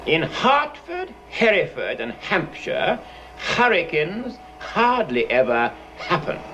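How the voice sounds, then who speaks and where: A man's voice: fairly high pitch, big pitch swings, moderate pace, highs cut off, a little hiss or hum. An actor playing an exacting, impatient male phonetics professor who drills his pupil with precise, hectoring diction in a musical film. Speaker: speech tutor drilling a pupil. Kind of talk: 1960s musical film acting.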